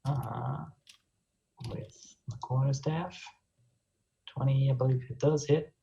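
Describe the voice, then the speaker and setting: A man playing a tabletop game, laid-back and quick to laugh, on a lo-fi mic with keyboard clicks behind him. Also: mid-range voice, steady tone, gravelly, mellow. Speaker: player.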